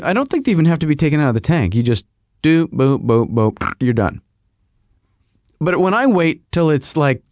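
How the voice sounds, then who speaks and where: Animated man telling a comic story. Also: fairly high pitch, dry recording, studio quality. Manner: rambling, animated, puts on voices. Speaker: podcast host.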